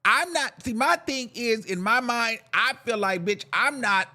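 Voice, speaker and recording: A man's voice: very high-pitched, a little slow. A young man hosting a podcast, giving sassy, campy celebrity gossip commentary to himself. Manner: animated, sassy, campy slang, talks to himself. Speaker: podcast host.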